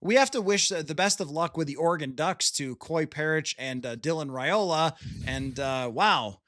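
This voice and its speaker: A man's voice: on the high side, moderate pace, fairly bright tone, no echo. A man hosting a casual sports podcast, talking chattily with frequent laughs and restarts.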